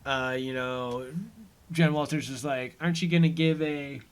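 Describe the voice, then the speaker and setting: A man hosting a casual recap podcast, rambling through scenes with lots of fillers, chuckling and quickly acting out the characters' lines. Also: mid-range voice, steady tone, smooth. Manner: acts out characters' lines in quick offhand voices. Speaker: podcast host. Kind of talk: casual episode recap commentary.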